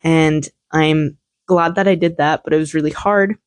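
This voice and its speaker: A woman's voice: low-pitched, steady tone, normal speed, no echo. A young woman hosting a podcast, telling a candid, rambling personal story full of swearing and filler words. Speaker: podcast host.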